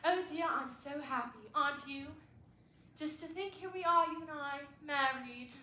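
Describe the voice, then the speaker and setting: A woman's voice: high voice, lightly acted. A young woman in a school stage play, playing a flamboyant, gushing actress who speaks in a theatrical way. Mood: flustered. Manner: theatrical, gushing, drawn-out vowels. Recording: echoey auditorium, faint hiss.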